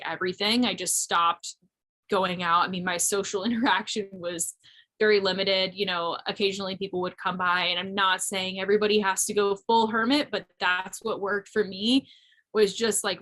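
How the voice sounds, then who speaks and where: Woman, 30s, from Missouri; interview guest, reflective and chatty, middle pitch. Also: fairly bright tone. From Missouri, USA. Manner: reflective, frequent "like" fillers, light laughs. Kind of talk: casual interview talk. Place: remote audio interview.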